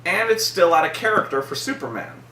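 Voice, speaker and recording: A man's voice: high voice, brisk, slight background noise. A man hosting a vlog, ranting casually and profanely about a film. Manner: profane, animated ranting with mocking put-on voices. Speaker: vlog host. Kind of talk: casual movie-review rant. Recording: echoey room, mic at a distance.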